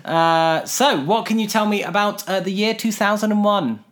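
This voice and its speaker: Man with a high voice, dry host. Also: moderate pace, a bit bright. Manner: dry, steering, laid-back. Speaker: podcast co-host. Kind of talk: casual comedy chat.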